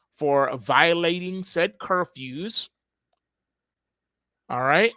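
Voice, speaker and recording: A man's voice: sits high, bright, forceful tone, no echo. A man hosting a market report, delivering opinionated commentary with sarcastic, emphatic rhetorical questions.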